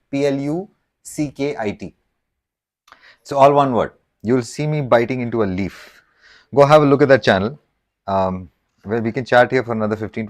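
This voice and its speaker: A man talks casually to his viewers on a live stream as he chops and cooks, jumping from thought to thought. His voice sits at an ordinary middle pitch, and he trips over restarts and jokes along the way. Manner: rambling, self-interrupting, jokey. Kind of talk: casual live chat while cooking.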